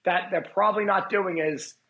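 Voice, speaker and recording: A man's voice: high-pitched, fairly even intonation, moderate pace, creaky, muffled recording. A man being interviewed as a guest dog trainer, talking in a blunt, profane way and voicing what dogs think. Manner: blunt, profane, acts out dogs' thoughts. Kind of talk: casual podcast interview.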